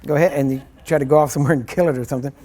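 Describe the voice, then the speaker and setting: A man's voice: medium pitch, fairly even intonation, rapid-fire, warm tone. Rambling, chuckling male minister teaching. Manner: rambling and conversational, acts out little scenes with chuckles. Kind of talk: informal teaching sermon.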